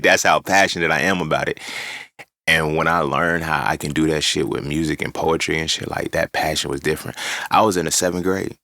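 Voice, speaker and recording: A man with a deep voice and a forceful, bright edge speaks. He talks casually and animatedly, swearing freely as he tells his story. The sound is dry and close. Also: no echo. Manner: animated, profane, conversational storytelling. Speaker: podcast host. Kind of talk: casual monologue.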